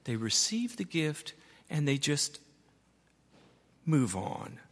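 A man's voice: on the high side, big pitch swings, slow, a bit bright. Older male preacher in a reverberant church. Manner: storytelling preacher, repeats key words for emphasis. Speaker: pastor. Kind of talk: sermon. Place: church sanctuary.

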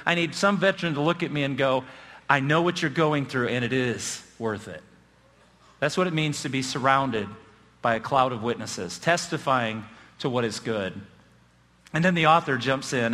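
Middle-aged male pastor, bright voice. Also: mid-range voice. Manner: storytelling, self-deprecating humor, building excitement. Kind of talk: sermon. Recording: long hall reverb.

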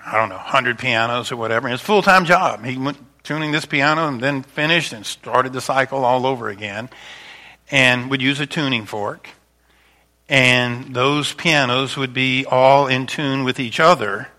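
A man preaching a sermon as pastor, talking in a loose, conversational way with frequent restarts, rising loud for emphasis and dropping to soft, hushed passages. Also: medium pitch.

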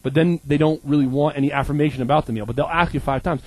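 A man in his thirties preaching a humorous sermon, animated and joking as he acts out little scenes. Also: mid-range voice, fast, breathy edge, rough recording. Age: 30s.

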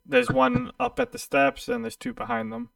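A man running a tabletop game as game master, relaxed and hesitant, with lots of ums. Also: very high-pitched, moderate pace, gravelly, no room sound, far from the mic. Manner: relaxed, hesitant, filler-heavy.

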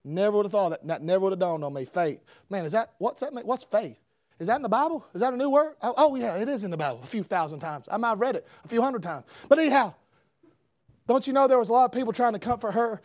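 Preacher, male, very high voice, dry close sound, shouts then hushes. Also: expressive, fast talker, dry recording. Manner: builds to shouting emphasis, swings between loud and hushed. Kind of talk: revival sermon.

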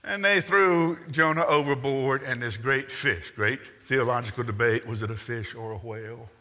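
A man's voice: medium pitch, fairly even intonation, moderate pace, bright, forceful tone. A man preaching a sermon, telling the story with wry asides and acting out the quotes. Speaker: pastor. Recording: long reverb in a large hall.

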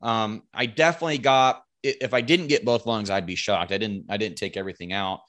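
A man guesting on a podcast, telling a hunting story in a casual, animated way, acting out what people said and swearing freely. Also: on the low side, a little fast. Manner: animated, acts out quoted lines, swears casually. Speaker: podcast guest, bow hunter.

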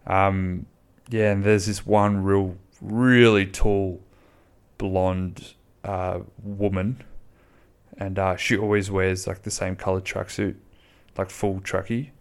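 A man's voice: deep voice, level tone, takes it slowly, clear, resonant tone. A man, chatting casually and bluntly on his own podcast, rambling and swearing freely. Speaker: podcast host. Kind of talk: casual solo podcast chat.

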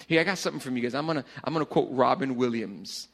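A middle-aged man preaching a casual youth sermon in a church hall, joking and swinging between loud bursts and hushed lines. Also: mid-range voice, expressive, fast, hardly any pauses. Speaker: pastor.

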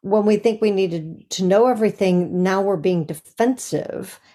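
A woman's voice: mid-range voice, measured pace, mellow. A woman co-hosting a podcast conversation, thoughtful and explaining her ideas through everyday analogies. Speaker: podcast co-host.

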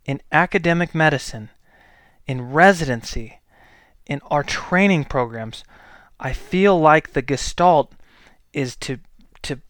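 A man who works as a healthcare provider delivers a blunt, exasperated monologue, pressing each point hard. His voice sits a little high and sounds smooth and resonant. The recording is dry and close, with no room echo. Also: a bit bright. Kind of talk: opinion monologue.

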